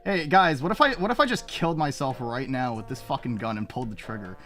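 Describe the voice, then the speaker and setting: Young male streamer, crude and rambling, bright lively voice with faint music underneath. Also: mid-range voice, fast talker. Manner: profane, rambling, reacting to chat. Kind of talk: casual live-stream chat.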